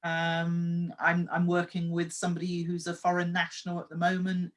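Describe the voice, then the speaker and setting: Lady host, lowish voice, lots of yeahs and isn't it. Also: completely flat delivery, normal speed. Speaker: host and story coach. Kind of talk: casual interview conversation.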